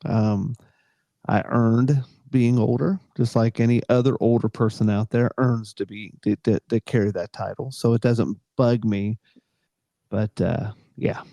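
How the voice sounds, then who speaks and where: A man's voice: mid-range voice, steady tone, unhurried, dark tone, no room sound, clean studio sound. A middle-aged man co-hosting a casual chat show, rambling with many fillers and restarts. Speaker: podcast co-host.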